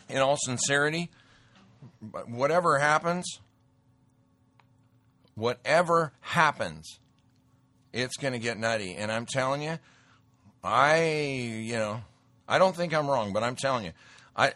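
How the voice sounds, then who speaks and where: A man's voice: mid-range voice, moderate pace, sharp tone, no room sound. Emphatic rambling male commentator, dry sound. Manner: emphatic, rambling, repeats phrases. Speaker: host. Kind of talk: political commentary and sales pitch.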